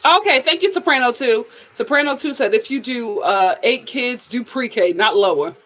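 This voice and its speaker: Hosting a live review stream, a woman chats casually and animatedly, laughing often and reading viewer comments aloud. Her voice is fairly high at normal speed, and the recording is muffled.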